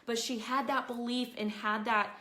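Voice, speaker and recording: A woman talking live to her network marketing team, chatty and earnest, giving motivational highlights. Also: fairly even intonation, normal speed, sharp tone, echoey room. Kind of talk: casual Facebook Live talk.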